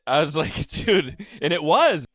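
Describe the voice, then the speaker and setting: A man's voice: fairly high pitch, measured pace, no room sound, studio quality. A young man co-hosting a podcast in casual chat, telling stories with lots of swearing and laughter. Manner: animated storyteller, swears freely, laughs often. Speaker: podcast co-host.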